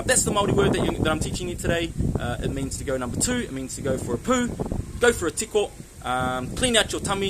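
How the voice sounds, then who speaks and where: A man with a New Zealand accent giving a casual spoken lesson, friendly and chatty, slowing down on words for the listener to repeat. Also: on the high side, very noisy. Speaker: language teacher.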